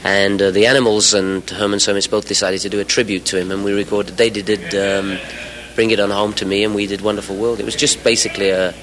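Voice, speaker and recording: A man's voice: on the low side, little pitch movement, fast, a bit bright, poor audio. A man in his forties from England, chatting as the guest in a radio interview, rambling with fillers and the odd laugh. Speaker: musician guest.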